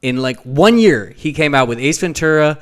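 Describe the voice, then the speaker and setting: A man co-hosting a casual podcast, talking at length and breaking into goofy high impressions now and then. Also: moderate pace. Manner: animated storyteller who breaks into goofy sung impressions. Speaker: podcast co-host. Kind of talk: casual chat.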